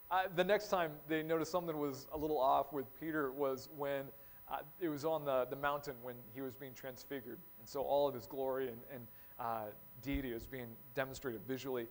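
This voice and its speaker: A male pastor preaching a casual, conversational sermon, acting out short quotes in lively voices. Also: medium pitch, a little fast, poor audio.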